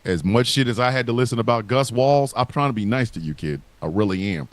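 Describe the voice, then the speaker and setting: A man's voice: medium pitch, lively intonation, fairly quick, no room sound. A man hosting a live podcast, ranting and taunting in a profane, comedic trash-talk. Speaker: podcast host.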